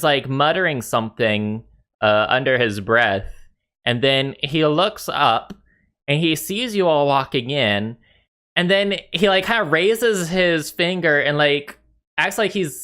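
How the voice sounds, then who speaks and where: Game master, male, bright tone, loose filler-heavy narration. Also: fairly high pitch, clear, resonant tone. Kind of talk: narrating a tabletop game over voice chat.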